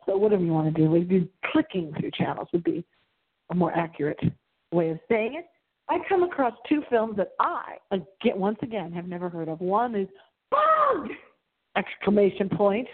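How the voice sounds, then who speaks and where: A woman hosting a late-night radio show, chatting about movies in an animated, dramatic way. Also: medium pitch. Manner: animated, dramatic, gasping and singing for effect. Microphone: phone held to the computer. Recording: tinny phone-like line.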